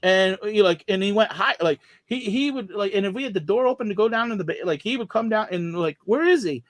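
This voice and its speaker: A man's voice: sits high, fast talker, dry recording. A man with a slightly raised voice tells a winding story in casual chat. He keeps restarting his sentences and trailing off into asides. The sound is close and dry. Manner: rambling storytelling with many restarts.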